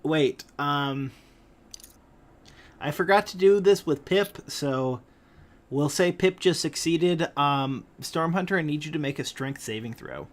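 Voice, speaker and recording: A man's voice: on the high side, a little slow. A man running a tabletop game as game master, announcing attacks and rolls in a matter-of-fact way.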